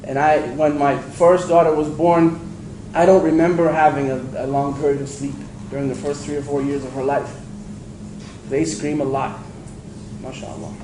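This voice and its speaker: A man giving a storytelling religious lecture to an audience, animated and acting out the voices he quotes. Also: fairly high pitch, normal speed. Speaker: preacher. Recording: echoey hall with faint ambient noise.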